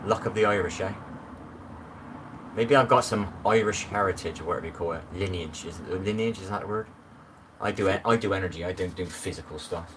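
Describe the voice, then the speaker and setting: A middle-aged man chats loosely on a live stream, drifting between asides and greeting viewers by name. He sounds set back from the phone mic, with clear background noise around him. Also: low-pitched, fast talker, recorded from a distance. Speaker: livestream host. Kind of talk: casual live-stream chat.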